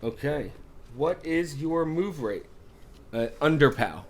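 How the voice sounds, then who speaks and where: A man's voice: on the high side, lively intonation, a little mellow, a little hiss or hum. Guy gm running a tabletop horror game, laid back, lots of uhs. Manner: casual, halting, with many fillers. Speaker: game master.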